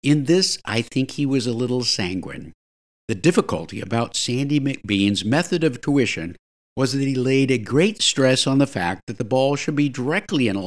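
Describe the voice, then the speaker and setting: A man narrating a comic story in a wry, dry storytelling manner. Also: mid-range voice.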